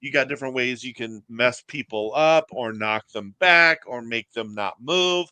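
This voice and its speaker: A man hosting a casual board game show over a video call, relaxed, explaining a game at length. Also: medium pitch, normal speed, smooth, no room sound. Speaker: host. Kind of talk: casual chat.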